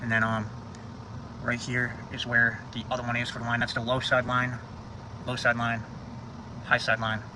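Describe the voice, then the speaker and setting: A man's voice: mid-range voice, monotone, moderate pace, pauses often, noisy background. A man talking casually while he works on his car, thinking aloud and swearing freely. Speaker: car vlogger. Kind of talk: casual DIY repair vlog. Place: home driveway by a car.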